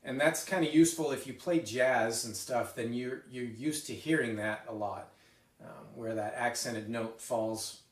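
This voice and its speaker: A man teaching a drum lesson, explaining a rudiment exercise in a relaxed way with fillers and restarts, recorded from a distance. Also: mid-range voice, unhurried. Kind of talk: spoken music lesson with demonstrations. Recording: roomy, mic set back. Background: drums and metronome.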